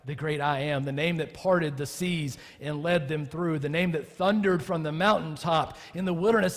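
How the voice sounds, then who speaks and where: Conversational preacher man, higher voice. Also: moderate pace, few pauses, big-room sound. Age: adult with children. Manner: conversational, building to impassioned emphasis. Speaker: pastor. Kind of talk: sermon. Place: church.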